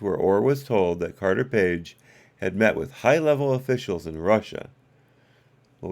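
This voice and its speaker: A man's voice: on the low side, vocal fry, darkish tone. A man hosting a live stream, reading documents aloud and breaking off for wry asides and corrections to his chat.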